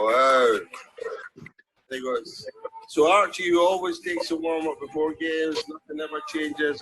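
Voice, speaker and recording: A man's voice: medium pitch, poor audio. Rowdy older Scottish man telling a story over music. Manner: rowdy, swearing, laughing anecdote teller. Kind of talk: story told on archive video. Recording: music playing behind.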